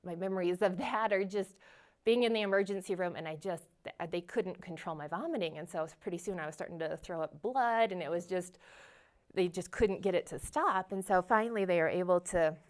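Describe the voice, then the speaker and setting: A woman's voice: lowish voice, brisk. Earnest woman sharing a childhood story. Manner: earnest, with many fillers and small laughs. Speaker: guest sharing her testimony. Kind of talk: personal testimony, storytelling.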